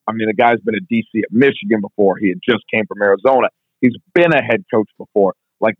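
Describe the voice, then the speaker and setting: A strength coach being interviewed, telling stories in a fast, casual way full of "like". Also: male voice, lowish voice, no room sound. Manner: fast, filler-heavy, constant "like". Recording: tinny phone-like line, dry.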